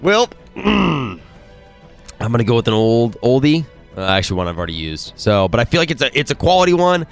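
A man's voice: medium pitch, big pitch swings, fairly quick, vocal fry, faint music behind. A man co-hosting a casual podcast, rambling and enthusiastic as he tells his picks. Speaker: podcast co-host. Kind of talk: casual chat.

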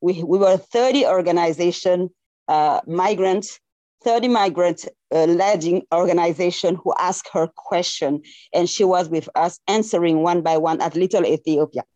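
A woman's voice: fairly low pitch, normal speed, mellow, no room sound, lo-fi sound. A woman from Senegal with a French accent, an earnest community organizer who repeats herself as she makes her points. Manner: earnest, repeats phrases, laughs between thanks.

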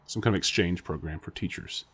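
A man with a lowish voice co-hosts a casual podcast chat. He rambles through guesses, stumbles over restarts and laughs often. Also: brisk, fairly bright tone, breathy edge. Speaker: podcast co-host.

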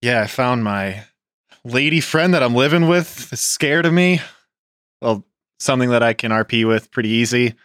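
A man's voice: medium pitch, lively intonation, normal speed, a bit bright, no echo, clean studio sound. A man playing in a tabletop role-playing game, joking and self-mocking. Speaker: player.

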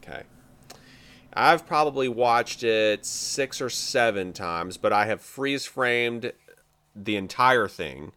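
A man from the US South co-hosting a casual, joking chat about movie trailers, full of fillers and excited asides. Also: mid-range voice, slow pace, clear, resonant tone. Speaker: podcast co-host.

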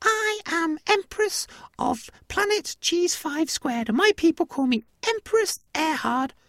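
A man voicing a tiny, proud female alien mouse empress who speaks formally in a high squeak. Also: animated, takes it slowly, a bit bright, no echo, studio quality, exaggerated voice. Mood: regal.

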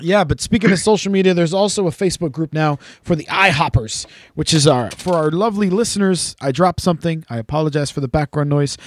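A man's voice: on the high side, quick pace, hardly any pauses, no room sound. A man hosting a podcast in casual chat, rambling, joking and swearing freely. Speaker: podcast host.

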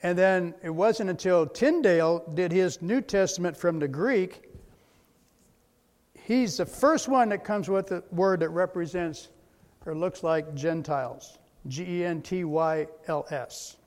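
A man's voice: high-pitched, a little slow, darkish tone. A man giving a slide presentation lecture, methodical, spelling out words letter by letter. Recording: long hall reverb.

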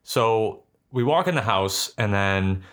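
A man's voice: lowish voice, expressive, takes it slowly, fairly bright tone. A young man casually telling a ghost story, rambling and swearing with lots of filler words.

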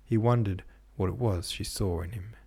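A man narrating a classic novel as an audiobook host, in a measured, even storytelling manner. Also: lowish voice, husky. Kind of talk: scripted literary narration.

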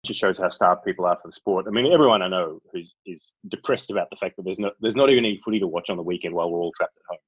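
Hesitant man, husky and lo-fi. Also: sits low, racing, few pauses, no echo. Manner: hesitant, many restarts and ums. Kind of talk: casual sports chat.

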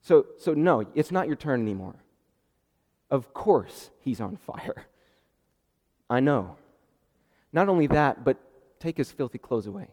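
A man preaching a sermon, animated and acting out the dialogue with sudden jumps in pitch and loudness. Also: measured pace, long pauses. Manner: animated, acts out the dialogue with rising pitch and volume. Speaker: pastor. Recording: long reverb of a hall.

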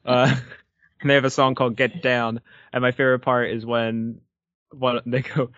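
A man's voice: medium pitch, level tone, moderate pace, fairly bright tone, dry recording. Man, casual co-host, playful jokes, very dry close sound, dull lo-fi quality. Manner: joking, easygoing, playful. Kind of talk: casual chat.

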